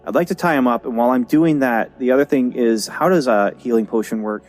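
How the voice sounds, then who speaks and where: A man's voice: medium pitch, brisk, a little mellow, faint music behind. A man playing as a guest in a tabletop game, asking questions in a hesitant, casual way. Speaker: guest player.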